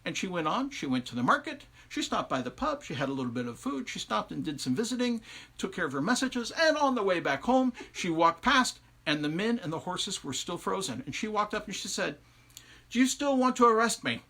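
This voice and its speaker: A male storyteller spinning an old folktale with lively asides to his audience. His voice sits a little high, bright and forceful, with a husky grain. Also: a little fast. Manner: conversational, asides to listeners, animated. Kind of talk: oral folktale telling on a livestream.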